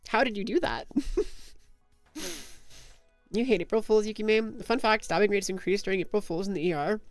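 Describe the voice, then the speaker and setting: A woman's voice: mid-range voice, normal speed, dry recording, faint music behind. A young woman streaming, chatting casually and giggling as she reads chat aloud.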